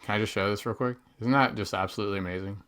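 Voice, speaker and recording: A man hosting a sports podcast in casual chat, talking in a quick, offhand, self-amused way. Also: fairly low pitch, steady tone, a bit bright. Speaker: podcast host.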